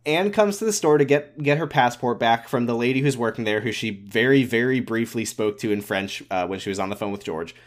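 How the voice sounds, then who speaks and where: A man's voice: medium pitch, brisk, few pauses. Profane, rambling man chatting casually. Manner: rambling, profane, jokey, restarts often. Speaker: podcast co-host. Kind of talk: casual chat recapping a TV show.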